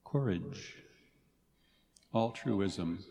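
A man giving a commencement speech as a faculty speaker, earnest but playful, with dramatic pauses. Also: sits low, animated, vocal fry, dark tone, slight background noise. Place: large ceremony hall. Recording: reverberant hall, faint ambience.

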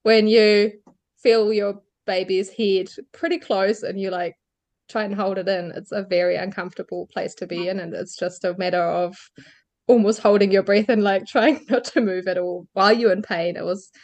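A woman's voice: medium pitch, steady tone, moderate pace, a little mellow. Candid woman telling her birth story. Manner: candid, laughs lightly between phrases. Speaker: podcast guest. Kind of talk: personal birth story in an interview.

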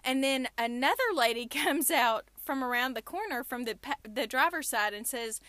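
A woman's voice: a little high, expressive, normal speed, sharp tone, no room sound. A young adult woman hosting a casual podcast, telling stories and ranting animatedly from a small closet booth. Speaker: podcast host.

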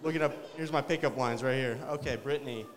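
Fast-talking and medium-pitched, a tipsy stand-up comedian rambles through a crude open-mic set, chatting with the audience and laughing at his own material. Long hall reverb colors the sound.

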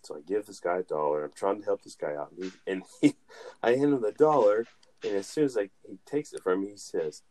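A man's voice: on the low side, brisk, mellow. A man co-hosting a podcast, telling a rambling, casual story and laughing along the way. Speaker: podcast co-host.

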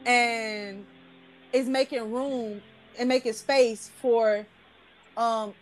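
High-voiced woman telling a casual story. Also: very slow, faint music behind. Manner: animated, slangy, repeats "like" and "I was like". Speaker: vlogger.

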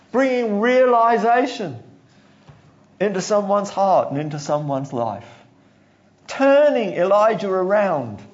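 A man preaching a sermon, telling the story with animated delivery, acting out quotes and chuckling now and then. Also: high-pitched, dull audio.

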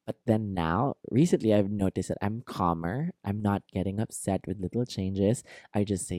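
A man's voice: on the low side, normal speed, hardly any pauses, mellow, no echo, clean studio sound. A man hosting a podcast, giving a casual self-help talk in a rambling, candid way with lots of "like" and "you know". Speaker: podcast host.

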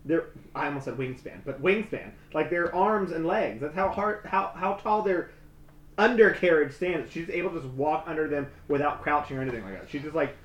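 A man's voice: on the high side, a little fast, a bit bright, roomy sound. A man in his twenties co-hosting a casual podcast, rambling and laughing often as he tells stories. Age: 20s. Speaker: podcast co-host. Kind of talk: casual chat with ad reads.

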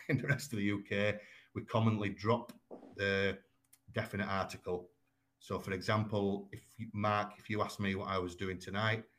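A man from Yorkshire with a Yorkshire accent, talking as a guest and explaining things in a measured way, with frequent ums and small restarts. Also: lowish voice, fairly bright tone. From Yorkshire, England. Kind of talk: conversational explaining.

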